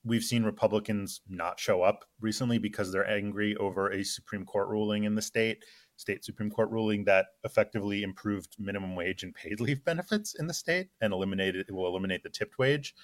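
A man's voice: fairly low pitch, a little fast, no room sound. A man talking politics as a guest correspondent, speaking loosely with lots of fillers and a dry, sarcastic edge. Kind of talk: casual political chat.

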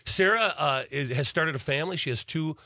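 A man's voice: a little high, fairly quick, vocal fry, pushed and bright, no room sound. A man being interviewed as a guest entertainer, chatting casually and rambling with lots of fillers and restarts. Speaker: guest entertainer promoting a tribute show.

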